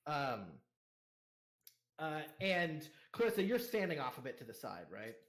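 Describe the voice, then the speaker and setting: Young man, game master, rambling narration, high voice. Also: big pitch swings, measured pace, a bit bright. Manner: rambling, with many fillers and laughs.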